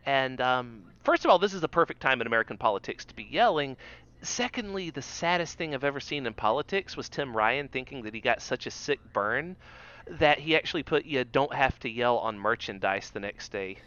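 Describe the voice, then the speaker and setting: A man hosts a casual comedy podcast and cracks wry jokes as he runs down the news. His voice is bright and clear, with lively swings in pitch. The sound is dry and a little dull, as from a basic podcast mic. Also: brisk. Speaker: podcast co-host.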